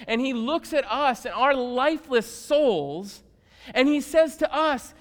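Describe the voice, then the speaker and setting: A man preaching a sermon as a pastor, swinging from hushed tones to loud emphatic shouts. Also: very high voice, animated, slow. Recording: long reverb of a large hall.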